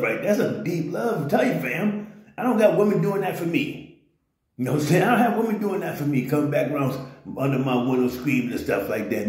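A man's voice: mid-range voice, a little mellow. A man ranting in loose slangy commentary on a vlog, often tossing in "you know what I'm saying.". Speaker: vlogger. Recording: very echoey room.

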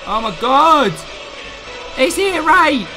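A live streamer, chatting casually, excitable and flustered, laughing often. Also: high-pitched, slow pace, music in the background.

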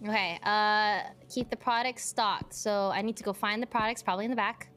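A woman streaming a horror game in casual chat, jumpy and quick to scream. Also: medium pitch, steady tone, a bit bright. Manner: jumpy, prone to sudden screams.

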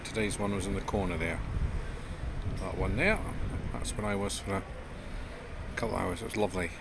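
A man's voice: deep voice, steady tone, a little fast, gravelly, heavy background noise. A man, chatting casually to viewers in a travel vlog. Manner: chatty, addresses viewers as folks. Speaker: travel vlogger.

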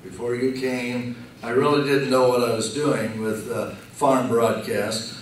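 A man giving a slow, joking farewell speech at a retirement reception, telling stories with punchlines. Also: medium pitch, fairly even intonation, slight background noise. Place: banquet room. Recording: echoey room from far off.

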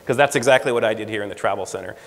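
A man in his forties from the United States, a guest speaker telling stories in a lively way and acting out the dialogue. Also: fairly low pitch, very fast, vocal fry. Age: 40s. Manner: lively storyteller, acts out quoted dialogue. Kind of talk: storytelling talk. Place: lecture room. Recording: reverberant lecture hall.

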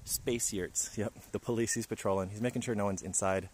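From a park forest, a man livestreams casual chat, talking directly to his viewers and joking around. His lowish voice is husky, a little fast, and fairly even in intonation.

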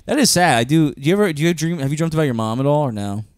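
A man's voice: fairly high pitch, very fast, smooth, dry recording, studio quality. A man co-hosting a podcast, casually telling a story and acting out the quotes. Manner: animated storytelling, acts out quotes. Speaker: podcast co-host. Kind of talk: casual chat.

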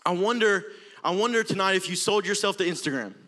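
A young man preaching with an Alabama drawl, his voice sitting high and sounding bright and forceful. He delivers a passionate sermon that swells from hushed moments to near-shouting. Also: fast. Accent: Southern US, Alabama. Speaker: youth preacher.

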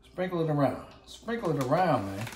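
A man's voice: fairly high pitch, big pitch swings, brisk, a little mellow, distant mic, a little hiss or hum. Hyped man cooking in a roomy kitchen. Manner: hyped, repetitive, calls out to viewers. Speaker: cooking channel host. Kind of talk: casual cooking demo. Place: home kitchen.

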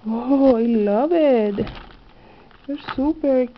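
Gushing woman, slow, lo-fi. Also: high-pitched, slight background noise. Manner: excited, gushing, slightly non-native phrasing. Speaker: craft haul vlogger. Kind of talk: casual haul video. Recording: dull lo-fi home video audio.

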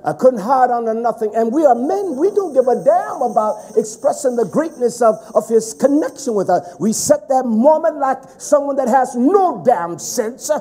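A middle-aged man preaching a fiery sermon, swinging between shouts and hushed, low passages. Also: big pitch swings, moderate pace, hardly any pauses.

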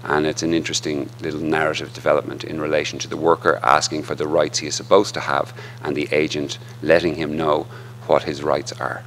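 A man giving an academic literature lecture with deliberate, dramatic emphasis. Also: rumbling low, flat delivery, fairly bright tone, a little hiss or hum.

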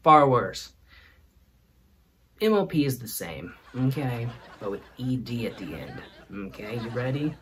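A man's voice: medium pitch, very animated, unhurried, a crowd in the background. A man hosting a comedic monologue, teasing and playful in his delivery. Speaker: host.

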